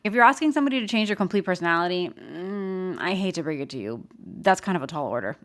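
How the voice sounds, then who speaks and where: Brief: woman host, low-pitched, emphatic and lively, casual advice talk. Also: fast. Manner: animated, emphatic, laughs often. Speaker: podcast host.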